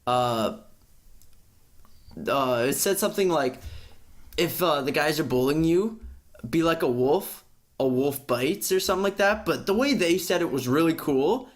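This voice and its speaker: A young man co-hosting a casual podcast, ranting with lots of swearing and sudden jumps in pitch. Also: expressive, normal speed, long pauses. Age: young adult. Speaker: podcast co-host. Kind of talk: casual chat.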